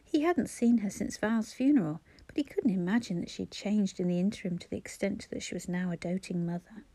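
A woman reads a novel aloud in an even, measured way. Her voice is mellow and warm, recorded close on a dry studio mic with no room sound. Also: medium pitch, no echo. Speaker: audiobook narrator. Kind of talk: scripted narration.

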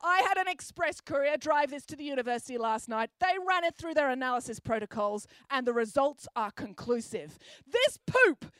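A woman's voice: sits high, animated, normal speed, few pauses, a bit bright, no room sound, pitched above the performer's own voice. A woman voicing a clever, peculiar schoolgirl detective in a storybook reading, confident and matter-of-fact.

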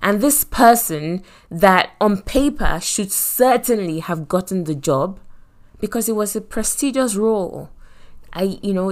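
A middle-aged woman from Nigeria with a Nigerian accent, telling a personal story in a motivational faith talk, animated, with many asides and repeated phrases. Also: mid-range voice. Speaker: podcast host and Christian speaker.

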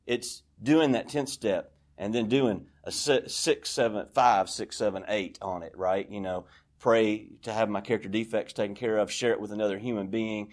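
A man's voice: lowish voice, fairly even intonation, moderate pace. A man speaking candidly and at length as the speaker at a recovery meeting in a church, rambling and confessional. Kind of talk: personal share at a recovery meeting.

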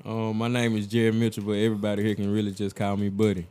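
Brief: man, guest, quick-fire questions, dark mellow tone. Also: lowish voice, monotone, smooth. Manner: curious, asks short questions. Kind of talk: casual chat.

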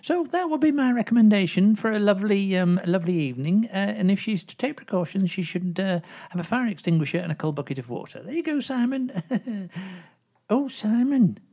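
A woman's voice: mid-range voice, animated, a little fast, dark tone. A woman playing a rambling gossipy old agony aunt. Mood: chatty. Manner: rambling, full of "you know" and asides. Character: gossipy older woman agony aunt, prim but cheeky. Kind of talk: comedy sketch chat.

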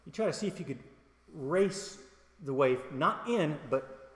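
A man's voice: a little high, lively intonation, a little slow. A middle-aged male pastor giving a conversational sermon with humor, personal stories and questions to the congregation. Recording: echoey hall.

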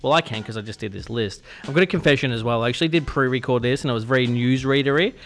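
A young Australian man hosts his radio show from the studio in a loose, chatty way, poking fun at himself and tripping over words now and then. His voice sits at an ordinary middle pitch, and faint music plays behind him. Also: racing, a bit bright. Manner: chatty, self-deprecating, stumbles over words. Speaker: radio host. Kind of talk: casual radio show hosting.

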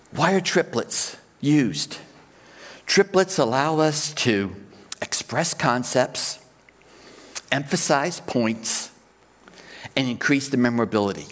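A man preaching to his church, laying out his points patiently and in threes. His voice sits in a middle pitch. The sound rings with a long reverb from the sanctuary. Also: lively intonation, slow, long pauses, fairly bright tone. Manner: explanatory, counts out points in threes. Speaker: pastor. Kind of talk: sermon.

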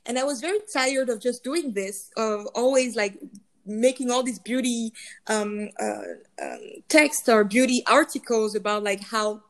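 A woman with a French accent, a guest in a casual interview, telling animated stories with many restarts. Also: a little high, measured pace. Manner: animated storyteller, quotes others, many restarts. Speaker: guest, luxury beauty executive.

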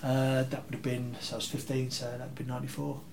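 A man, telling rambling, animated anecdotes as an interview guest. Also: medium pitch, quick pace, creaky, a little hiss or hum. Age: 30s. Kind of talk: casual interview storytelling.

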